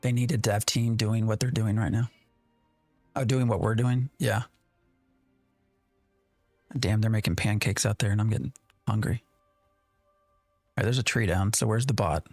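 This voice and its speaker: A man's voice: fairly low pitch, steady tone, unhurried, pauses often, darkish tone, dry recording, soft background music. A man streaming a game live, rambling in an exasperated way and talking to his chat. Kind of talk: live gameplay commentary.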